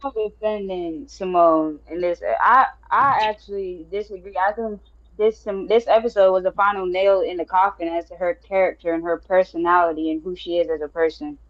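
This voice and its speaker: A woman's voice: fairly low pitch, steady tone, dull audio. A woman panelist giving firm, opinionated takes on a TV show in casual chat. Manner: firm, opinionated, rushes ahead with repeats.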